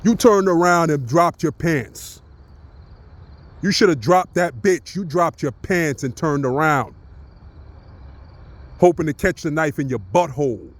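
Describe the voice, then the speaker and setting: A man from Brooklyn rants in a fairly high voice. He is taunting and profane, roasting his target and keeps filling the gaps with "you know what I'm saying". The delivery is loose and repetitive, in the manner of a vlog. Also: lively intonation, unhurried, long pauses. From Brooklyn, New York. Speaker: vlogger.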